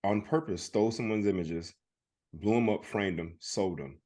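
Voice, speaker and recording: A man's voice: on the low side, normal speed, dark tone. A man from Alabama co-hosting a podcast in casual chat, laid-back and laughing often. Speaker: podcast co-host.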